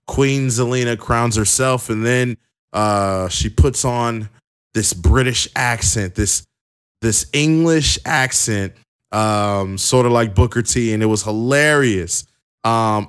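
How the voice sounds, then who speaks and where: Chatty low-voiced man recapping wrestling. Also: clear, resonant tone. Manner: chatty, many fillers and restarts. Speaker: wrestling show reviewer. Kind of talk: casual recap commentary.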